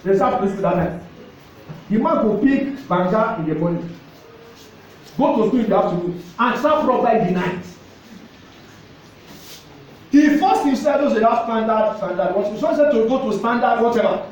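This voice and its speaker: A man's voice: high-pitched, animated, normal speed, pauses often, a little hiss or hum. A man with a Nigerian accent preaching a sermon as pastor, exhorting and repeating phrases, slipping into pidgin. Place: church hall. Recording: echoey church hall, mic at a distance, faint ambience.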